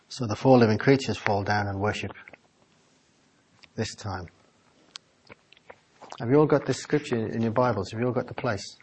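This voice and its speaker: A man preaching a Bible-study sermon in a small office meeting room. He reads scripture aloud and builds to fervent, loud exclamations. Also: on the low side, normal speed, pauses often, breathy edge, rough recording.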